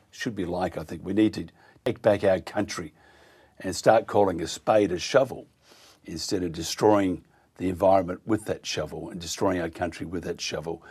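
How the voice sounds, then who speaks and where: Husky, indignant Australian radio host man. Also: sits low. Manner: indignant, halting with many fillers. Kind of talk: opinionated talk radio.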